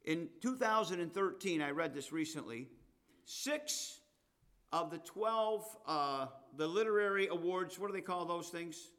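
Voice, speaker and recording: A man preaching a sermon, reading scripture and swinging between loud declarations and quiet asides. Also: on the high side, normal speed, hardly any pauses. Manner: emphatic, rising to loud declarations and dropping to asides.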